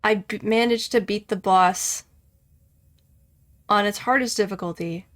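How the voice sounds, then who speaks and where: A woman's voice: mid-range voice, measured pace, a bit bright. Chatty woman streaming a game. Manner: chatty, laughs easily, talks to chat. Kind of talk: casual live-stream commentary.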